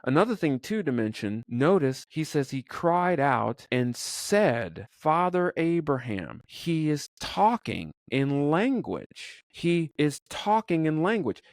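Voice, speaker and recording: A man's voice: mid-range voice, no echo, studio quality. A man hosting a Bible teaching podcast, asking rhetorical questions and repeating points for emphasis. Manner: stops himself with "wait a minute". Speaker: podcast host.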